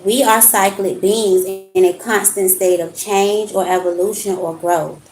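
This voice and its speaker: Earnest card-reading woman with a gravelly voice. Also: medium pitch, fairly even intonation, unhurried, darkish tone, echoey room, faint music behind, rough recording. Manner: earnest, addresses viewers as y'all. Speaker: spiritual card reader. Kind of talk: live-stream card reading and talk.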